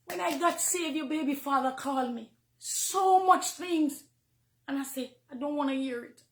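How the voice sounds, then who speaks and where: A middle-aged woman with a Jamaican accent, a minister giving an emotional, confessional testimony from the pulpit, moving between hushed and fervent. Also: sits high, brisk, reverberant. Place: church, near the pulpit.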